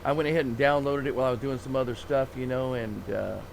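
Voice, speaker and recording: A man's voice: medium pitch, fairly even intonation, quick pace, gravelly, slight background noise. A man streaming a farming game, chatting casually and rambling with fillers and chuckles. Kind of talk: casual live-stream chat.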